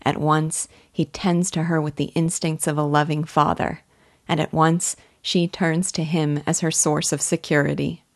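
A woman's voice: low voice, level tone, no echo, clean studio sound. A woman giving earnest, admiring scripted commentary on a classic novel as a literature guide. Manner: earnest, admiring, measured reading.

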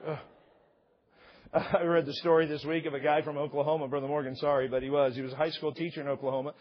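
Middle-aged male pastor, slightly high husky voice, comic sermon delivery, dull lo-fi sound. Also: steady tone, fast. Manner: joking, acts out couples' voices. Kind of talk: humorous sermon.

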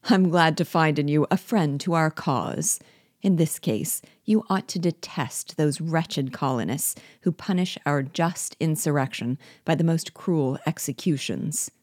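A woman's voice: low-pitched, measured pace, a little mellow, dry recording, studio quality. A woman reading the part of a cold, sardonic male rebel general, mocking and commanding. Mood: menacing.

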